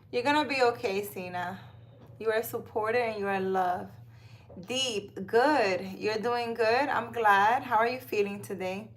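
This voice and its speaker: A woman's voice: medium pitch, fairly bright tone. A woman hosting a casual live stream from her phone, reading out cards and viewer comments in a chatty way. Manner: chatty, reads comments aloud, switches to baby talk with her cat.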